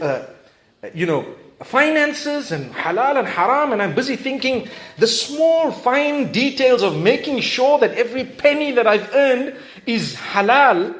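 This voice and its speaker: A man's voice: very high voice, fairly bright tone. A male preacher telling a story in a sermon, talking conversationally and animatedly, with frequent asides to his audience. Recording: echoey hall, faint background noise.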